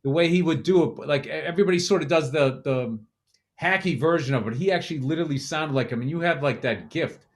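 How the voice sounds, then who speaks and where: A man's voice: fairly high pitch, quick pace. A man hosting a podcast, chatting casually and asking curious questions, swearing now and then. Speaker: podcast host. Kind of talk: casual chat.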